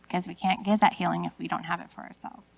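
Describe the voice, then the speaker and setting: Keynote speaker, woman in her forties with some vocal fry; casual, talks straight to the room with rhetorical questions. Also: on the low side, fairly even intonation, fast, poor audio. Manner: conversational, asks the audience many rhetorical questions. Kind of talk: conference keynote talk. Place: conference room.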